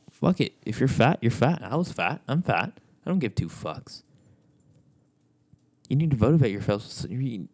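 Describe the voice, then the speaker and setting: A man's voice: medium pitch, dark tone. A man giving a blunt, profane motivational rant, swearing constantly and repeating himself.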